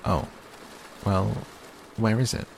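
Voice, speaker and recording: A man's voice: fairly low pitch, takes it slowly, creaky, a little hiss or hum, voice pushed up. A man voicing the boy Christopher Robin, eager and affectionate, with faint rain behind. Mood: worried.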